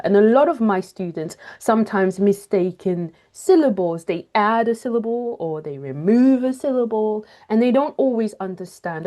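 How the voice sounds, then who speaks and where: A teacher trainer on a video call, presenting a webinar and working through practical steps with examples in an upbeat manner. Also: female voice, mid-range voice, mellow. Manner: upbeat, explains step by step with examples.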